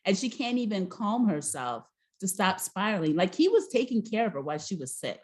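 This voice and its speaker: A woman's voice: medium pitch, a little fast. Chatty woman recapping a show. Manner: animated storyteller, acts out quoted dialogue. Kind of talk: casual chat recapping a reality show.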